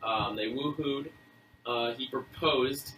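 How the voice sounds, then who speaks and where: A young man co-hosting a casual podcast, talking in an animated, rambling way with frequent restarts. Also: mid-range voice, takes it slowly, recorded from a distance. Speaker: podcast co-host. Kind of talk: casual chat. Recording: echoey room, off-mic, faint noise.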